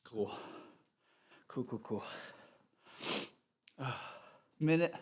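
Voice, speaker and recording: A man with a stuffy nose leading a live home workout, giving relaxed, encouraging instructions while he exercises in his home gym. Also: medium pitch, very slow, husky. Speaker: fitness instructor. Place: home gym in a converted bedroom.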